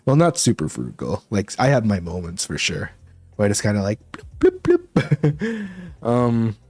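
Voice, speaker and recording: A man's voice: on the low side, sing-song, normal speed, dry recording. A male VTuber chatting casually with his viewers, rambling and laughing often. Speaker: VTuber streamer.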